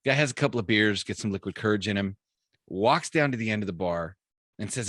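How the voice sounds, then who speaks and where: A low-voiced man hosts a podcast from a video call and tells jokes with plenty of swing in his voice. He acts out the characters as he goes. His voice is dry and close, with faint music underneath. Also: animated, fast talker, fairly bright tone, no room sound. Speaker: podcast host. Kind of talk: casual chat, telling jokes. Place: home, remote video call. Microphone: own mic on a video call.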